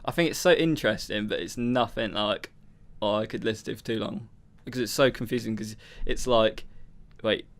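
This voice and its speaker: A young Southern English man co-hosting a podcast talks at a normal speed with few pauses, his voice lowish. His casual chat wanders and rambles, and he's prone to dropping into mock accents.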